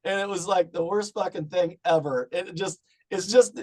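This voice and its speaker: A middle-aged man in casual chat as a podcast guest, swearing often and breaking into loud rants. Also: high voice, normal speed. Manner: profane, ranting, loud bursts.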